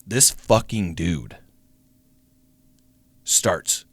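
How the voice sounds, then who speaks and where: A young man co-hosting a podcast, telling a story in a casual, animated way, swearing often and acting out the voices of people in it. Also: lowish voice, measured pace, no echo. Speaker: podcast co-host.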